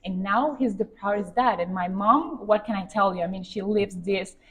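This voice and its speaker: A woman's voice: medium pitch, moderate pace, slight background noise, poor audio. Upbeat Venezuelan woman with a Spanish accent. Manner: earnest and upbeat, second-language phrasing. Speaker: pageant contestant. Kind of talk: casual interview answers.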